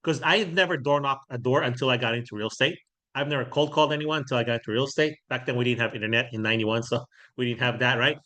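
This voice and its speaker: Bright-voiced man teaching a workshop. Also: medium pitch, steady tone, racing. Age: middle-aged. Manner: conversational, keeps checking in with "right?"; acts out sample doorstep lines. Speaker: real estate trainer.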